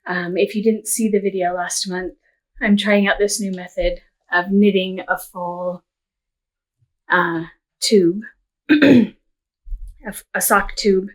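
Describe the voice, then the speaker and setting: Slow, reflective woman chatting about books. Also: medium pitch, steady tone. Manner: unhurried, reflective, with many ums and soft laughs. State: emotional, near tears at times. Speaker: vlogger, homeschool mom. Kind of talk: casual chat about books and crafts.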